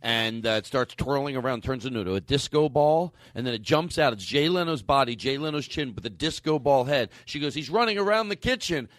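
A man's voice: mid-range voice, a little fast, few pauses, dry recording. A man hosting a comedy podcast, rambling playfully through an improvised absurd story. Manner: playful, rambling, breaks into laughter. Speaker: podcast host.

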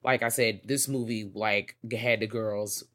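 Sassy podcast co-host, low murmured asides. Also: fairly even intonation, a little slow, a bit bright. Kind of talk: casual movie review chat.

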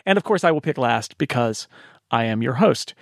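A man's voice: medium pitch, lively intonation, normal speed, vocal fry, dry recording, studio quality. A man hosting a podcast, running the panel with light, self-deprecating jokes. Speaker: podcast host.

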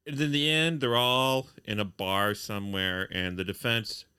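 Man, podcast co-host, lowish pitch, bright tone, dry wit. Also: fairly even intonation, unhurried, clear, resonant tone. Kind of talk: casual chat about an old TV show.

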